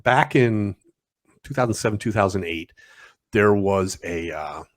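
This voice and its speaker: A middle-aged man, co-hosting a podcast and telling stories in a reflective, halting way. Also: on the low side, expressive, no room sound. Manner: reflective, halting storyteller with restarts. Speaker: podcast co-host. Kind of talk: casual chat.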